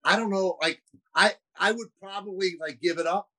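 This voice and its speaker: Male broadcaster guest, slightly high voice, loose and self-mocking, frequent restarts. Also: moderate pace, bright, forceful tone, poor audio. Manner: self-deprecating, chatty with restarts. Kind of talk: casual interview chat.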